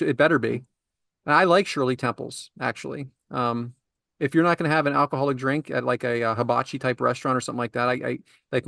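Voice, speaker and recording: A man hosting a casual podcast, telling stories in an animated, ranting way and laughing often. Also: medium pitch, creaky, no room sound, studio quality. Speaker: podcast host.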